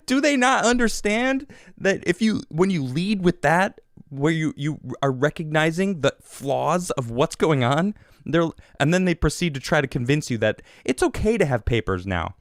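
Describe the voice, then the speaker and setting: A man's voice: fairly high pitch, expressive, normal speed, no echo, clean studio sound. A man hosting a podcast, giving casual, sarcastic commentary on news clips and reading quotes aloud to mock them. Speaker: podcast host.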